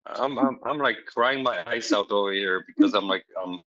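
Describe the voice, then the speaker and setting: A man's voice: lowish voice, normal speed, a bit bright. A man in casual chat giving blunt, straight-talking advice and teasing his partner. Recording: dull lo-fi sound.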